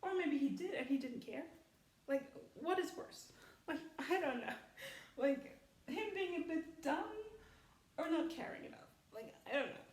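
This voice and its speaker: A woman's voice: high voice, animated, measured pace, a little mellow, far from the mic. A woman in casual spoken commentary who rambles with lots of fillers and laughs often. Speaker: film commentary vlogger. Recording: echoey room, voice off-mic.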